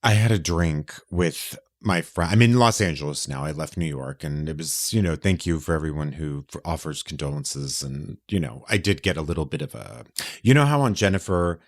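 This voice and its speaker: A man co-hosting a podcast, chatting casually and telling stories in an animated, theatrical way. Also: a bass voice, moderate pace. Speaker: podcast co-host. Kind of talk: casual chat.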